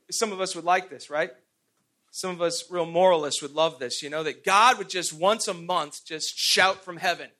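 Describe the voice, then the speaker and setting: A middle-aged man preaches a sermon in a high-pitched, pushed, bright voice at normal speed. He tells stories with self-deprecating laughs, stumbling restarts, and repeated "and, and".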